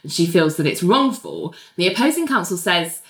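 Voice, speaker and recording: A woman recapping a TV episode for a podcast, her pitch swinging widely as she tells it. She talks in loose, casual chat, full of fillers and little giggly asides. The room around her is roomy and echoey. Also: moderate pace. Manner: animated storyteller, filler-heavy, giggly asides.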